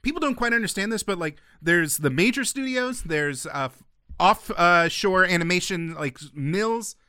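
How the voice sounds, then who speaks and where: A podcast co-host talking casually with an opinionated, animated manner. He has a high, bright, forceful voice and jumps in quickly with asides. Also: clear, resonant tone, no echo, studio quality. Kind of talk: casual chat about animation history.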